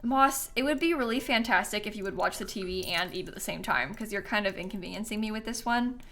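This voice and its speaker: During a casual gameplay stream, a woman talks fast in a mid-range, somewhat bright voice. She spins stories and laughs a lot as she chats.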